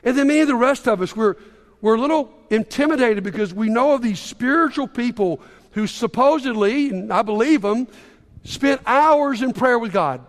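A man's voice: extremely high pitch, animated, normal speed. A man preaching a casual, conversational sermon as a pastor, sometimes acting out the voices of the people he quotes. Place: church sanctuary. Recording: reverberant church hall.

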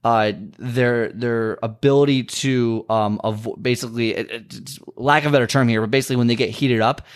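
A man's voice: medium pitch, fairly even intonation, fairly quick, smooth. A man who works as a fitness and nutrition trainer, talking casually on his own podcast and rambling with lots of fillers and repeats.

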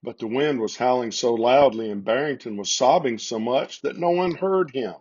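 A man reading a children's Christmas story aloud in a steady, gentle storytelling manner, recorded in slightly muffled lo-fi sound. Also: mid-range voice, moderate pace, breathy edge.

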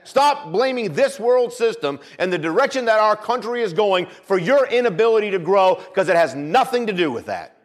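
A man preaching a sermon with emphasis, repeating phrases, dropping low and quiet for weight, and calling out for the congregation's amens. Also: lively intonation, normal speed, hardly any pauses. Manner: emphatic, repeats phrases, calls for "Amen?" responses.

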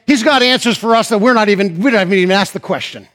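A pastor preaching a sermon and reading scripture, slowing and rising on stressed phrases. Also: male voice, sits high, fairly bright tone.

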